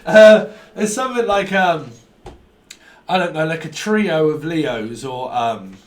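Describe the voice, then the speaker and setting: A man's voice: a little high, lively intonation, slow. A man giving a rambling tarot reading, full of wordplay, snatches of song and silly voices. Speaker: tarot reader.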